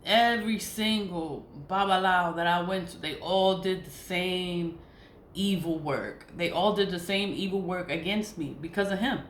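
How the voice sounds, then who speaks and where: A woman's voice: fairly low pitch, unhurried. A woman vlogger venting in a casual monologue, profane and exasperated, laughing often between complaints. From United States. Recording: echoey room with faint noise.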